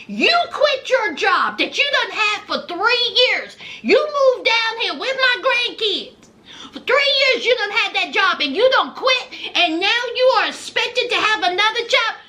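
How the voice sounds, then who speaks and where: A woman voicing an exasperated middle-aged mother who scolds her grown daughter with rapid-fire questions. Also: very high-pitched, pushed and bright, full character voice.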